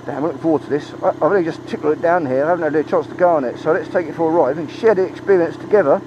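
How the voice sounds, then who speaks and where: Excitable man riding a motorbike. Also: a little high, rapid-fire. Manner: chatty, excitable, swears freely. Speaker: motorcycle reviewer. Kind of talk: casual ride-along review commentary. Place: outdoors on a motorbike in traffic. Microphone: helmet-mounted mic. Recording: muffled, engine and road noise.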